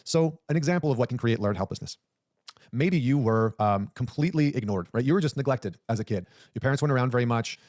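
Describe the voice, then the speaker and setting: A man's voice: medium pitch, lively intonation, fast talker, darkish tone, no room sound, clean studio sound. A man coaching men on relationships, talking straight to the listener with emphatic repetition. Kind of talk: direct-to-camera advice talk.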